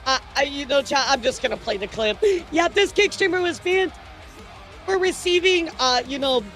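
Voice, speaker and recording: A woman streamer chatting casually through the news with her viewers, rambling and excitable, often stammering and swearing. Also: high-pitched, normal speed, soft background music.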